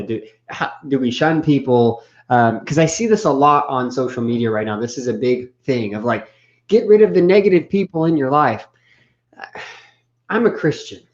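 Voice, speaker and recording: A man's voice: medium pitch, lo-fi sound. A man co-hosting a casual talk show, speaking candidly and thoughtfully with some hesitation. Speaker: podcast co-host. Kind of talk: casual reflective chat.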